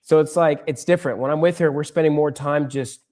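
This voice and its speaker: A man's voice: a little high, steady tone, a little fast, darkish tone. A young adult man on a podcast, telling anecdotes about his daughter and acting out her lines. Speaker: podcast co-host. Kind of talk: casual chat.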